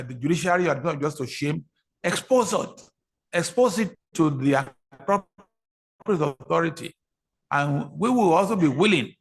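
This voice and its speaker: A man with a Nigerian accent, a senior lawyer giving a formal ceremonial speech, deferential and repeating key phrases for emphasis. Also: fairly high pitch. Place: courtroom ceremony.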